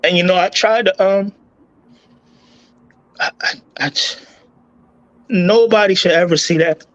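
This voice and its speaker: A man with a voice that sits a bit high, talking through a hard memory as an interview guest, choked up, stopping and starting, words tumbling and repeating. the audio is dull and lo-fi. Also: fairly bright tone. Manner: halting, with many restarts and repeated words. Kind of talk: emotional personal story.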